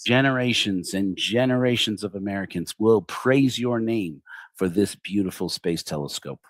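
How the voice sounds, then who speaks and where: A middle-aged man delivers a livestreamed satirical sermon in a low voice that leaps up and down with ironic, theatrical flattery. The sound is close and dry, with no room around it. His sarcasm never lets up. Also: dry recording. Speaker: host of a secular online congregation.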